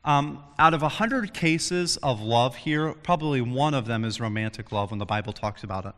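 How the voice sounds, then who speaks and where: A man's voice: mid-range voice, normal speed, long reverb tail. A young man preaching a casual sermon to students, telling stories and acting out quotes. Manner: animated storytelling, acts out quotes. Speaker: youth preacher.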